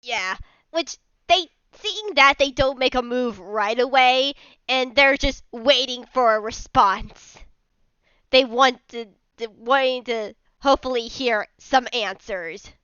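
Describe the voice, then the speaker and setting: Bright-voiced woman player, unhurried. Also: high-pitched, smooth, no room sound, lo-fi sound. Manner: casual, hedging with "like". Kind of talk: describing her character's actions in a tabletop game.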